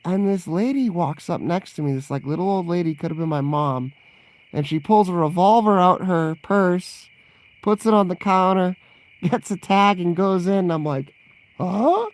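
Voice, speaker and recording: A man's voice: high-pitched, moderate pace. A man in a casual livestream Q&A, rambling and chatty, laughing often and reacting to live chat messages. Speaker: vlogger answering viewer questions.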